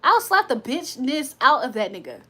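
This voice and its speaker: Woman livestream host, high sharp voice, blunt and profane. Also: sing-song, normal speed, husky. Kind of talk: casual live chat to viewers.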